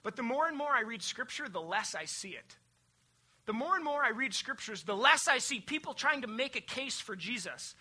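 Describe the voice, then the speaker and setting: Pastor, sermon, piercingly bright tone, emphatic, repetitive lists, swings loud to hushed. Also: animated, moderate pace, slightly rough. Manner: emphatic, swings between loud declarations and hushed, low passages; builds repetitive lists and refrains.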